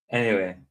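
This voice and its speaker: A man hosting a live stream, chatting casually and playfully, rambling and laughing often. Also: lowish voice. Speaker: livestream host.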